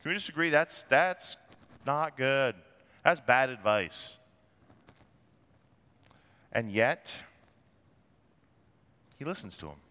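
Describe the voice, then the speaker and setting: A man's voice: mid-range voice, lively intonation, slow pace, pauses often, pushed and bright, clean tone, in a large hall. A man preaching a sermon as a pastor, blunt and wry, with rhetorical asides to the congregation.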